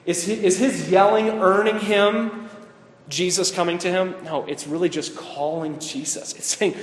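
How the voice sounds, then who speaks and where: A man with a fairly high voice preaches in a sermon, asking the audience questions and circling back to his key points. His voice rings through an echoey hall with a long reverb tail. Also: steady tone, a little slow. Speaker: pastor or Bible teacher. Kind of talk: interactive sermon. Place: teaching room or church hall with a board.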